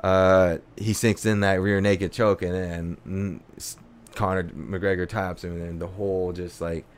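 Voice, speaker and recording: A man's voice: low-pitched, level tone, a little slow, smooth. A man telling a long casual story, full of fillers like "uh" and "like" and plenty of slang. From California. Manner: rambling, heavy filler words and slang.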